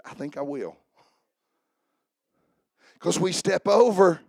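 A man's voice: high-pitched, expressive, slow pace, vocal fry, darkish tone, no echo, studio quality. A man preaching a sermon as pastor, fervently asking the congregation questions and answering them. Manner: preaching with rising fervor and call-and-response questions.

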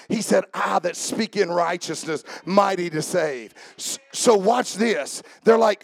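A man preaching a sermon as a pastor, building from casual asides into shouted, rhythmic climaxes. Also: sits high, unhurried, gravelly, hardly any pauses.

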